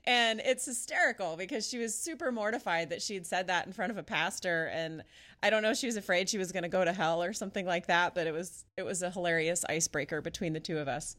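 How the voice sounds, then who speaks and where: A woman pastor chats on a podcast, telling a story in a casual way. She is animated and laughs often, and her pitch swings widely as she goes. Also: quick pace.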